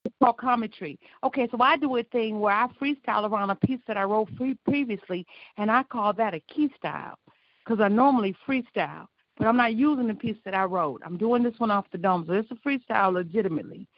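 A woman's voice: medium pitch, fast talker, no room sound. A woman from Illinois calling in by phone, performing a freestyle spoken word poem on a call-in show in a rhythmic, emphatic, profane way. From Illinois, USA. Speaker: caller and spoken word poet. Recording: muffled phone line.

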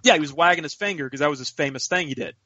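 A man, co-hosting a podcast, telling a story in an animated way and swearing freely. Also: a little high, racing, no room sound. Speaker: podcast co-host. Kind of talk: casual storytelling chat. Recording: dull lo-fi podcast audio, dry.

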